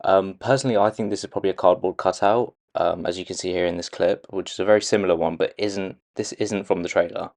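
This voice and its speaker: Direction: hesitant man, fairly low voice. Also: fairly even intonation, quick pace, creaky, hardly any pauses, a little mellow. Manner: hesitant, many "um"s and restarts. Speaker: video creator analysing a movie trailer. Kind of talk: casual commentary.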